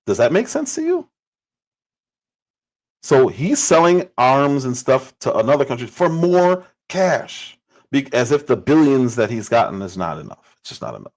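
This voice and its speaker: A man hosts a livestream and talks through political commentary in a casual, off-the-cuff way. His pitch swings widely, rising high and dropping low as he presses a point. He leans on repetition to drive things home. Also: a little mellow, poor audio. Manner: emphatic, repeats phrases for stress.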